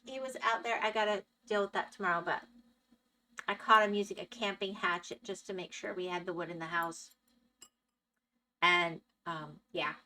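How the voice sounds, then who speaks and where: Bright-voiced woman streamer chatting casually. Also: medium pitch, far from the mic, a little hiss or hum. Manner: chatty, answers chat and thinks aloud while playing. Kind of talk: casual live-stream chat while gaming.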